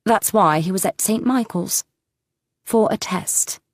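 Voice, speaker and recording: A woman's voice: medium pitch, unhurried, dry recording, clean studio sound, pitched above the performer's own voice. A woman voicing a determined woman detective in an audiobook, speaking in an urgent, accusing way. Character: sharp, determined older woman sleuth. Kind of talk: audiobook character reading.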